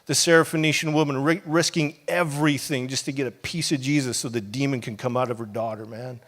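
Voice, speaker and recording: A man's voice: medium pitch, steady tone, fairly quick, a bit bright. Impassioned man preaching a sermon. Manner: impassioned, conversational preaching with casual asides. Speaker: pastor.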